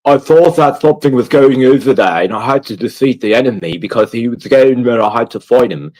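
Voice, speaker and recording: A man's voice: medium pitch, animated, fairly quick, darkish tone, dry recording, voice pushed up, natural voice, rough recording. A man mimicking a lisping medieval game hero. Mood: rambling. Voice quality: lisp. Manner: rambling run-on storytelling. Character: lisping medieval male game character, rambling.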